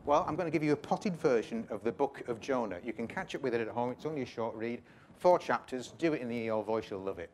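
A man's voice: medium pitch, lively intonation, fast, darkish tone, a little hiss or hum. A man giving an informal, jokey sermon, retelling a Bible story with chatty asides. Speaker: preacher.

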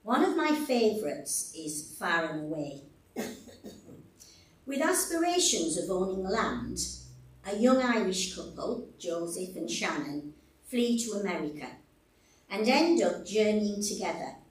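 A woman preaches at an unhurried pace with a lively, rising-and-falling voice. Her delivery is deliberate and warmly expressive. Her voice echoes around a roomy church hall, picked up from a little way off the microphone. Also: mid-range voice, far from the mic. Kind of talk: sermon. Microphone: stage microphone.

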